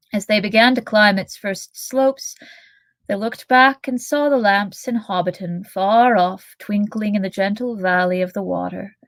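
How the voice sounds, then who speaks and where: A woman co-hosting a podcast reads a novel aloud in a steady, mid-pitched voice. Between passages she chats easily and laughs often. Her voice is close and dry. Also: no echo. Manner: steady reading, giggly in chat. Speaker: podcast co-host and reader. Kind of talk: reading a novel aloud with chat.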